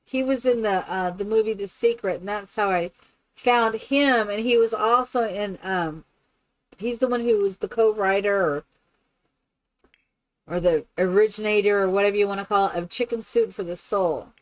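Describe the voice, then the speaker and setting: A woman streaming a game who chats casually and tells stories in an animated way. She laughs often and keeps asking "right?". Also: medium pitch, moderate pace, dry recording. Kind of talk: casual chat while playing a game.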